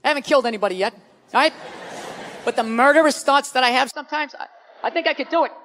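A man doing a stand-up comedy rant with profane, exasperated delivery and bursts of shouting, on a live stage in front of a loud audience. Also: very high voice, quick pace, in a large hall, a little hiss or hum.

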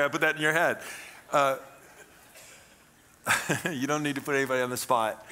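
A man's voice: mid-range voice, bright, forceful tone. A middle-aged man from Kansas preaching a sermon as pastor, in a conversational, folksy way with wry jokes. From Kansas, USA. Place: church sanctuary.

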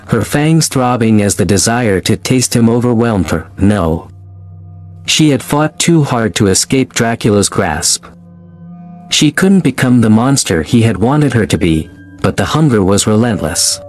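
Man narrating a dark horror tale. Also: mid-range voice, lively intonation. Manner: measured, dramatic storytelling. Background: faint music.

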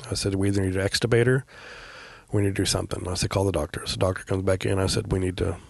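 Low gravelly middle-aged man, halting. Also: steady tone, dry recording. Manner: quiet, halting, with many pauses and fillers. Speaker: guest, veteran paramedic. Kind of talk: personal storytelling in a podcast interview.

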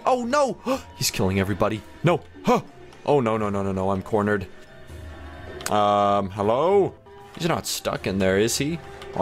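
A young man with a mid-range voice hosts a gaming channel. His gameplay commentary is excitable and rambling, punctuated by frequent laughs and gasps.

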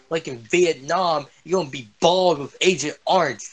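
A young man swearing and yelling his way through a shooter game as a gaming streamer. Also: on the high side, lively intonation, moderate pace, hardly any pauses, faint music behind. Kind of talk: angry gameplay commentary.

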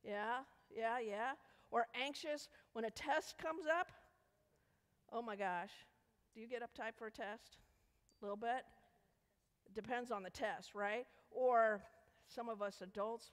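A woman leading a children's sermon in a church, coaxing the kids with playful questions. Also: on the high side. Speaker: children's message leader. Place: church sanctuary. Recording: echoey church hall.

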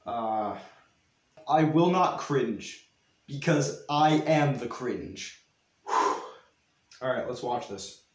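A man's voice: mid-range voice, lively intonation, extremely slow, pauses often. Young guy reacting to his own old vid, laughing at himself, kinda echoey room. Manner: self-mocking, laughing at himself. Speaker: YouTuber. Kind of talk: reaction commentary.

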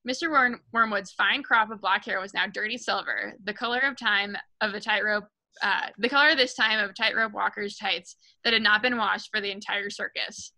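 A woman reading a children's novel aloud for a book club on a video call, lively and correcting herself as she goes. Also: mid-range voice, moderate pace, low-quality recording.

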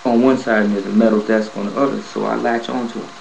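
A man casually telling a personal story to his viewers, animated and profane, acting out the scenes as he goes. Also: on the low side, quick pace, gravelly, slight background noise, low-quality recording. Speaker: vlogger telling a prison story.

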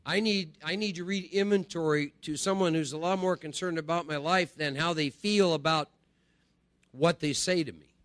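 A middle-aged man addresses a group with a conversational spiritual recovery talk, repeating phrases and frequently asking "right?" His voice is a little high, steady, and fairly bright, at a normal speed, with no room sound.

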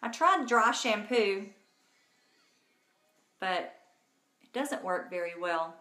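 A woman's voice: medium pitch, expressive, slow pace, sharp tone, echoey room. A woman hosting a casual live makeup tutorial from home, chatty and bubbly, talking to viewers by name. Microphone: phone.

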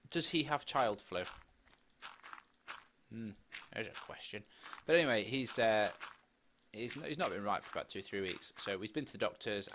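This casual let's-play features a middle-aged gaming commentator with a mid-range voice, rambling and chatting as he plays and letting out excited squeals. He records through a desk microphone set up with a face cam.

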